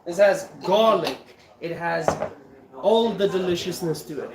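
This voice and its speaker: A man's voice: sits high, measured pace, roomy sound, crowd noise. A man from South Africa chatting casually on a livestream while he cooks in his kitchen, swearing freely as he talks. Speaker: streamer cooking.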